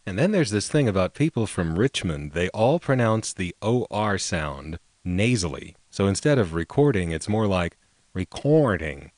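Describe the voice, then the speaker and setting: A man hosting a show of vintage telephone recordings, narrating in an unhurried way with a fondness for technical detail. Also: low-pitched, lively intonation, a little mellow. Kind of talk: relaxed narration.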